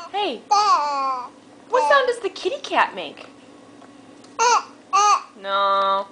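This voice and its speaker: A woman's voice: high voice, wildly swooping pitch, drawn-out words, long pauses, heavy background noise. A woman at home talking sing-song baby talk to a toddler, patiently coaxing and repeating her questions. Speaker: parent teaching a toddler.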